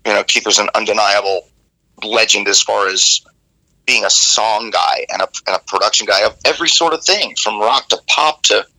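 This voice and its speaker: Man, gravelly voice, very bright tone, rock singer interviewed, rambling animated storytelling. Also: lowish voice, moderate pace, rough recording. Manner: rambling and animated, with many restarts.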